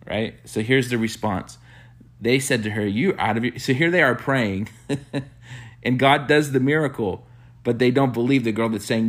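A man preaching a sermon, telling a story with animated quoted bursts and soft hushed reflective asides. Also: normal speed. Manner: animated storyteller, acts out quotes with sudden high-pitched bursts. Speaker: pastor.

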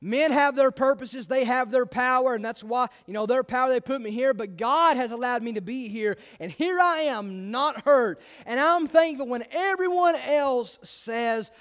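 A pastor preaching a sermon with emphatic, insistent delivery and frequent repeated restarts. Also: male voice, very high voice, moderate pace, few pauses, fairly bright tone.

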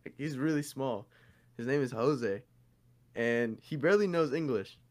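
A man co-hosting a casual podcast, telling stories in an animated, slangy way. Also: mid-range voice, normal speed. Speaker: podcast co-host.

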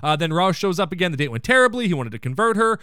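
A man's voice: high-pitched, very animated, very fast, sharp tone, clean tone, dry recording, studio quality. A man hosting a podcast, recapping an episode in casual chat, enthusiastic and full of joking asides. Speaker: podcast host.

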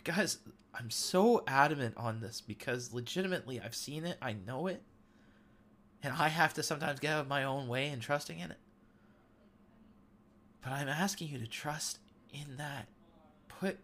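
A man's voice: on the high side, moderate pace, long pauses, a bit bright, slight background noise. Earnest man giving devotional talk. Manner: earnest, emotional testimony. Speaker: podcast host.

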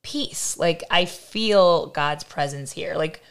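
A woman in her thirties co-hosting a casual faith-based podcast, animated and often ending her points with "right?". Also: sits low, takes it slowly, gravelly, clear, resonant tone. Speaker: podcast co-host.

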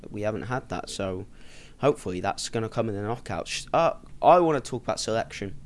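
A man's voice: fairly low pitch, expressive, a little fast. A man co-hosting a football podcast, blunt and skeptical. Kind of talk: casual football podcast chat.

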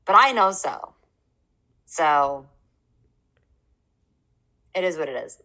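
A woman's voice: low-pitched, lively intonation, slow, sharp tone, rough recording. A young adult woman co-hosting a casual podcast, chatting loosely and joking around while sipping beer. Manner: chatty, drinking beer while talking, jokes around with accents. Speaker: podcast co-host. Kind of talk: casual chat.

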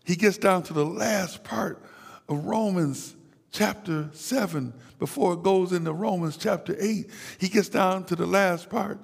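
A man preaching an impassioned sermon, dropping to a hush and then crying out, often repeating words. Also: sits high, unhurried, gravelly, husky, big-room sound.

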